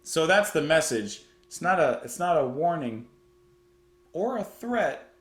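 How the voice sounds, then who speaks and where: A man's voice: fairly high pitch, big pitch swings, measured pace, roomy sound. A man giving casual reaction commentary on music, chatty and thoughtful as he muses aloud.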